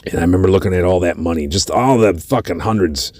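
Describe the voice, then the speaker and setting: A man's voice: low-pitched, fast talker, darkish tone, no room sound. A man hosting a podcast, telling a story in a casual, profane way with lots of cursing. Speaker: podcast host.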